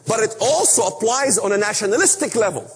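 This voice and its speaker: A man preaching an impassioned sermon, emphatic and repetitive in a husky voice. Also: high voice, animated, brisk. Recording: echoey hall.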